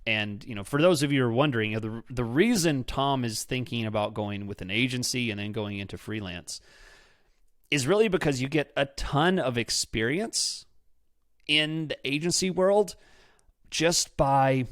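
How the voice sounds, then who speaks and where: Male podcast host, casual and upbeat, mid-pitched voice, dry close recording. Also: lively intonation, moderate pace, fairly bright tone, no room sound. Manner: chatty, enthusiastic, self-deprecating. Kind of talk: casual podcast talk with ad read. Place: his office.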